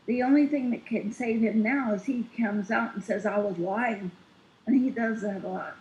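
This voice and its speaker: A woman guest on a casual political talk show, speaking deliberately and emphatically. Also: fairly high pitch, darkish tone, slight background noise. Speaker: guest analyst. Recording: echoey lo-fi call audio.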